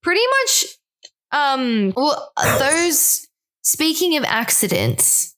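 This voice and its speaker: A woman's voice: sits high, expressive, slow, a bit bright. Chatty woman podcast co-host. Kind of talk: casual chat.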